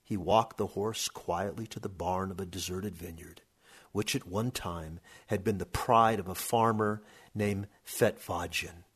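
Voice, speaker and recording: A man reading a story aloud in a steady, measured narration. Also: sits low, husky.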